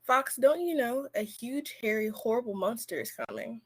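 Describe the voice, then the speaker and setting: A woman's voice: a little high, lively intonation, normal speed, breathy edge. A teenage girl reading a frantic startled rabbit aloud from a storybook. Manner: read aloud plainly from a storybook.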